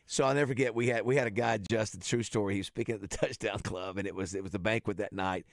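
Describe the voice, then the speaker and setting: A man co-hosting a morning radio show, telling stories with repeated words and trailing off quietly. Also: on the low side, fairly even intonation, fast talker, creaky, no room sound, clean studio sound. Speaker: radio co-host. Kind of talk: casual radio chat. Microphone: studio mic.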